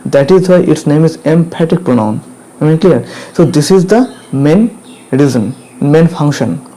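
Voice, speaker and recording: A man gives a grammar lesson in a mellow, somewhat higher voice. He repeats each rule several times and keeps checking that students follow, while insects chirp faintly behind him. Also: expressive, unhurried, poor audio. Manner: repetitive, drills points again and again with checking questions. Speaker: English grammar teacher.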